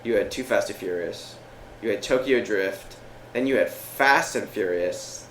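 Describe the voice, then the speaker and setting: A man's voice: on the low side, a little slow, a bit bright. A man co-hosting a podcast, chatting casually, rambling and swearing freely. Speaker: podcast co-host. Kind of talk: casual chat. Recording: echoey room, faint noise.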